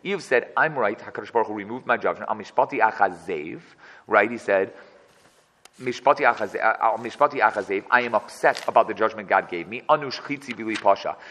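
A man's voice: on the low side, brisk, pushed and bright, big-room sound, poor audio. A man teaching a text study class as its teacher. He reads verses and then translates and explains each one. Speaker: Torah teacher.

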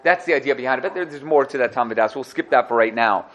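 A man teaching a Torah lesson, animated, acting out the quotes he cites and asking his listeners questions. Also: medium pitch, fast, muffled recording, background noise.

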